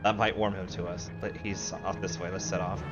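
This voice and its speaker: A man's voice: low-pitched, flat delivery, a little fast, dull audio, music in the background. A man streaming a video game, rambling casually, swearing and mocking himself as he plays. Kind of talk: casual live game commentary.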